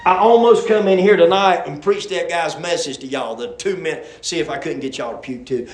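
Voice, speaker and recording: A pastor preaches in a church, his voice slightly raised in pitch. He rambles and circles back in a folksy way. The church room echoes around him, with faint noise underneath. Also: a little fast. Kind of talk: sermon. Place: church sanctuary.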